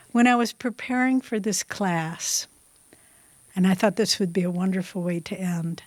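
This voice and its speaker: A woman giving a devotional class talk, telling a spiritual story slowly and softly. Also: on the low side, dry recording. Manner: slow, devotional, soft-spoken. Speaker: spiritual teacher.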